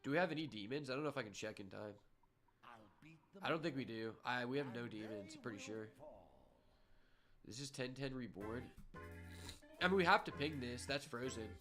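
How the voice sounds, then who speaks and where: A young man streaming a card game, chatting casually and telling stories, given to sudden loud hype outbursts. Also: medium pitch, moderate pace, long pauses, soft background music. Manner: excitable, swings from quiet muttering to loud shouting. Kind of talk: live gameplay commentary and storytelling.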